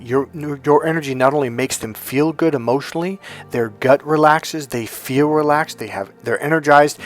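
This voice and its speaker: A man speaks as a motivational coach. He has a mid-range voice and tells personal stories with emphasis, often asking rhetorical questions. Soft music plays quietly behind him. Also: medium pitch. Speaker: relationship and healing coach. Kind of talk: motivational talk to camera.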